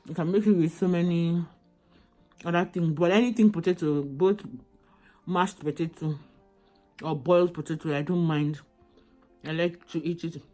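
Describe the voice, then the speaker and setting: A woman's voice: fairly low pitch, fairly even intonation, normal speed, pauses often, mellow, soft background music. A pregnant woman in a hospital room, tired while awaiting labor, chatting casually to camera and circling back to the same phrases. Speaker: vlogger.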